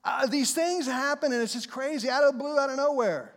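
A man's voice: very high voice, fairly quick, big-room sound. A man preaching a sermon, emphatic and repetitive, retelling a Bible story with energy.

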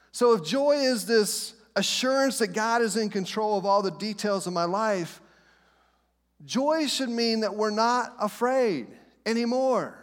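A middle-aged pastor preaching with a fairly high voice. He leans on dramatic pauses and repeats his reassurances again and again. His words ring out with a long reverb, as in a church sanctuary. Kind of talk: sermon.

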